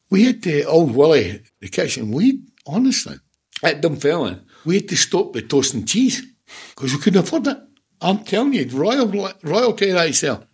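A Scottish former football manager in his seventies tells stories in a casual interview, his voice a little high and slightly rough. He's blunt, swears freely, and laughs between stories.

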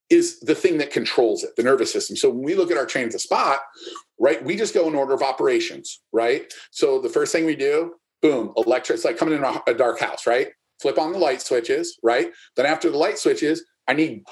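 Emphatic man coach explaining. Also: medium pitch. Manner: emphatic, often asks "right?". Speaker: strength and fitness coach. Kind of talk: podcast interview.

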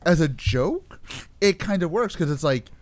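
A man's voice: fairly high pitch, animated, measured pace, no echo. A man co-hosting a casual movie review podcast, often stammering and restarting, blunt and profane. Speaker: podcast co-host.

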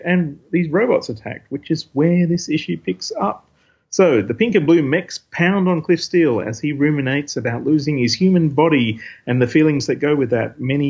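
A man's voice: fairly high pitch, husky. A man hosting a podcast, casually recapping a comic issue in a rambling way, with many fillers and quotes read aloud. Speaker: podcast host reviewing comics. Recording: dull lo-fi recording.

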